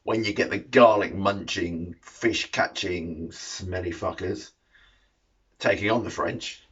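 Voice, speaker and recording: A man's voice: low-pitched, steady tone, takes it slowly, a bit bright, slightly rough. A middle-aged man chatting casually through the news from his shed, cheeky and sweary, with dull lo-fi sound. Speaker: vlogger.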